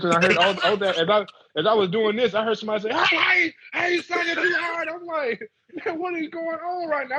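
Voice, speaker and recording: Husky man telling a story. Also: on the high side. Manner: animated storyteller acting out quotes. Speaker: guest, former football player. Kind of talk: storytelling interview. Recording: muffled lo-fi audio.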